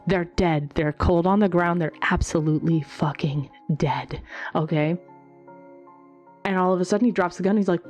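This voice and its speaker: A woman who is a singer, chatting casually in a Q&A video, retelling things with animated energy and plenty of swearing. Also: mid-range voice. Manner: animated, swears freely, many fillers. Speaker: singer and channel host. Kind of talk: casual Q&A storytelling.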